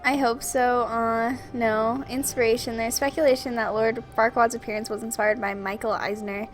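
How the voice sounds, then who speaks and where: A young woman with a Minnesotan accent chats with her stream viewers as she plays a game. She rambles easily and giggles often in a fairly high voice, with soft game music faintly in the background. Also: little pitch movement, moderate pace. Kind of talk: casual chat while playing a video game.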